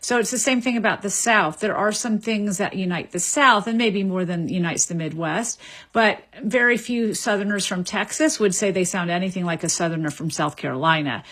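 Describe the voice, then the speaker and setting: Woman explaining in a measured way. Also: mid-range voice, a bit bright, breathy edge. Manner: measured, lecturing, repeats words while thinking. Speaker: linguist guest. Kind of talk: explanatory radio interview answers.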